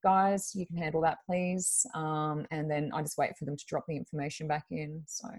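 Woman, very low voice, rambling, chatty, lots of fillers, casual storytelling. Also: little pitch movement, normal speed, a little mellow. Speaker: guest medium.

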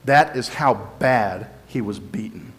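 A man preaching in a relaxed, conversational way, walking listeners through scripture step by step. His voice sits at an ordinary middle pitch. He explains things plainly and now and then slips into voicing the people in the story. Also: unhurried. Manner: explanatory, acts out crowd and Pilate quotes. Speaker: pastor. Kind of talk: conversational sermon.

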